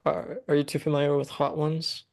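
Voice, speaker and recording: A man's voice: fairly high pitch, monotone, a little fast, creaky, darkish tone. A man hosting a podcast, laid-back and rambling in casual chat. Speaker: podcast host.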